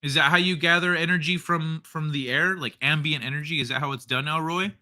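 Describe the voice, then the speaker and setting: A man hosting a casual livestream, reading viewer comments aloud in an unhurried, joking way and chuckling often. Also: fairly high pitch, sharp tone. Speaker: livestream host.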